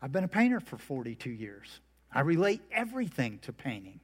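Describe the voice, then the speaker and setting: A man's voice: mid-range voice, sing-song, fairly quick, slightly rough. A middle-aged man preaching a sermon, telling folksy stories and jokes. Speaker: pastor. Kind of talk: humorous sermon.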